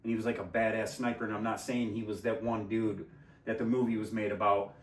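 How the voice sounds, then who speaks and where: A man telling a crude story in casual talk, swearing a lot, laughing and shouting out the lines he quotes. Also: lowish voice, level tone, fast. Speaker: podcast guest telling a story. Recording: echoey room from far off the mic.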